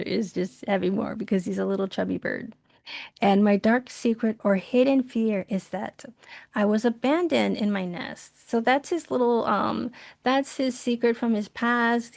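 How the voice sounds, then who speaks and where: A cheerful woman leads an online drawing lesson in a loose, chatty way and laughs often. Her voice sits at an ordinary middle pitch. The sound is dry and close, with no room echo. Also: vocal fry, darkish tone. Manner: chatty and upbeat, laughs often, with many fillers. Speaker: art teacher. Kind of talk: casual online workshop lesson.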